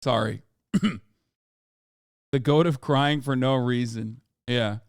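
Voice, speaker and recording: A man's voice: mid-range voice, fairly even intonation, takes it slowly, clear, resonant tone, no echo, clean studio sound. A male streamer giving casual livestream commentary, sarcastic and profane, rambling through his reactions. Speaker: streamer host.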